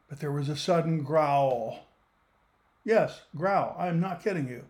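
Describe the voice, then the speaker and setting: Guy reading a kids story, high voice, slow and bouncy, really playful. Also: darkish tone. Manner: playful, theatrical, addresses the listener. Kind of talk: animated storybook narration.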